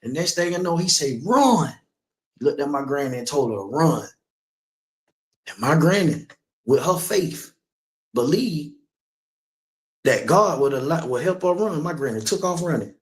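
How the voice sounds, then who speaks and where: A man's voice: a little high, animated, moderate pace, roomy sound. A man preaching in the street, telling a personal story with emphasis and asking listeners again and again whether they understand.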